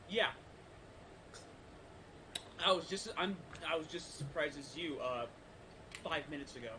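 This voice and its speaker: A man's voice: a little high, unhurried, long pauses, far from the mic, noisy background. A man joins a tabletop game as a player. He talks in an easygoing, casual way. His voice sits a little above average.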